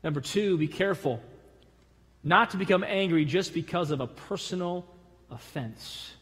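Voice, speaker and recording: A man's voice: high voice, normal speed, a bit bright. A man preaching a sermon as pastor, emphatic, with punchy repeated phrases that rise. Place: church sanctuary. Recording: long church reverb.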